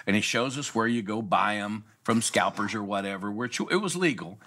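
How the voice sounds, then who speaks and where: Here the pastor's voice leans low and his pace is moderate. This middle-aged man animatedly tells a story on a casual talk show, playing out the people he quotes.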